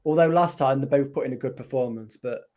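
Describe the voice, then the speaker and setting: A man's voice: medium pitch, fast, darkish tone. A man in casual football chat, musing over betting picks with hesitant restarts.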